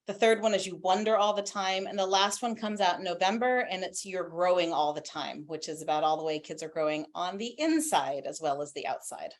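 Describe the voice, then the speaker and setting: Woman, parenting expert guest, animated, anecdotal, conversational, home video call. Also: lowish voice, brisk, hardly any pauses.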